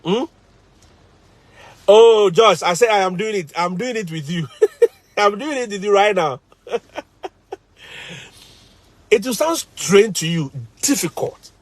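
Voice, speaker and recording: A man's voice: high-pitched, animated, slow, pauses often, no room sound. A man, a teacher and vlogger, chatting casually on a live stream, telling stories animatedly, laughing often and repeating phrases.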